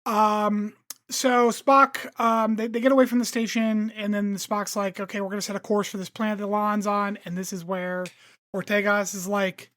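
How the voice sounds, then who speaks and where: A woman's voice: medium pitch, little pitch movement, moderate pace, fairly bright tone, no room sound, clean studio sound. A woman co-hosting a podcast, recapping an episode in a casual, chatty way with lots of fillers. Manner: chatty recap with lots of um and like, acts out characters' lines. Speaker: podcast co-host summarizing the episode. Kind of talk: casual chat.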